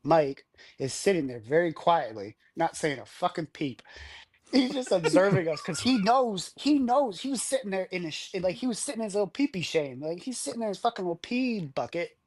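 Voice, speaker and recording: A man's voice: high voice, animated, brisk, darkish tone. A man telling a story as a podcast guest, talking in a boisterous, profane and unfiltered way. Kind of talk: casual storytelling.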